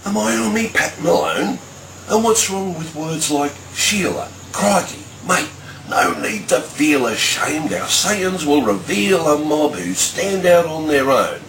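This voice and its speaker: A man's voice: fairly high pitch, a bit bright. Australian man reciting rhyming verse. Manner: rhythmic, sing-song delivery with broad slang. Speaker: bush poet. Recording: echoey, distant, noisy ambience.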